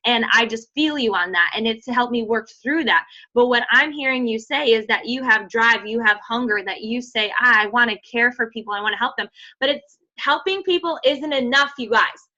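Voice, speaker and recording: A woman's voice: on the high side, normal speed. Upbeat pregnant woman giving a pep talk. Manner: energetic, emphatic, filler-heavy pep talk. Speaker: fitness coach team leader. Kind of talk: motivational team call. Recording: dull lo-fi audio.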